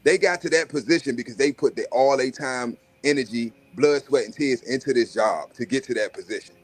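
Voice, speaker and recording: A man's voice: medium pitch, a little fast. A man hosting a live stream, telling brash, profane stories about job interviews. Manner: brash, swaggering, profane, acts out other voices. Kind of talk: profane casual storytelling rant.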